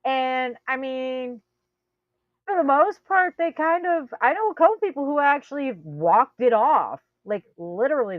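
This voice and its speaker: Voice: high-pitched, animated, unhurried, no echo. A co-host in a casual talk show chat who speaks bluntly, jokes around and swears. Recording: dry, dull lo-fi sound.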